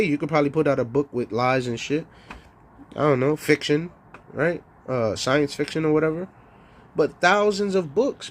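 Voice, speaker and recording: A man hosting a livestream in a profane, rambling rant, stopping to search for words and taunting the audience with rhetorical questions. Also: fairly high pitch. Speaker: livestream host. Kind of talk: ranting livestream monologue.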